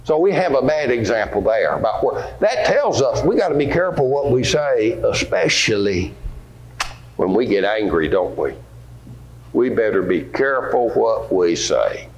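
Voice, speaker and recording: A man's voice: mid-range voice, very animated, normal speed. A man teaching a Bible lesson to children, asking them questions and acting out scripture scenes. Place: church hall. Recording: echoey room with faint ambience.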